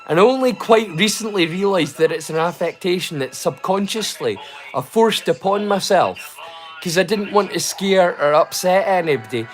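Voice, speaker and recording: A man's voice: high voice, lively intonation, moderate pace, faint music behind, low-quality recording. A man with a Northeast Scottish accent, hosting a livestream in a casual, rambling, joking way. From Scotland. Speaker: livestream host.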